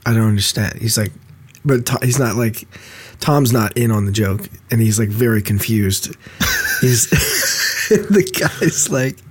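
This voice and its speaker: A filmmaker co-hosting a podcast, chatting casually and telling stories with animation. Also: male voice, mid-range voice, slow pace, breathy edge, dry recording. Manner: animated storyteller, laughs while telling. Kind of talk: casual chat.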